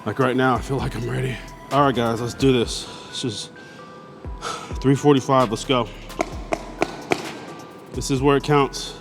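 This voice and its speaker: A man's voice: mid-range voice, steady tone, unhurried, gravelly, pauses often, over music. A man talking casually to the camera between heavy squat sets at the gym. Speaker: fitness vlogger. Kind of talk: casual gym vlog talk.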